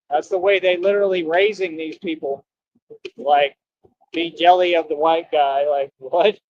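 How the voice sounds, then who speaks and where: Slangy, confrontational male streamer, fairly high voice, rambling outdoors near traffic; lo-fi stream sound. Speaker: costumed livestreamer. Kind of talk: casual rambling livestream talk. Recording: dull lo-fi stream audio.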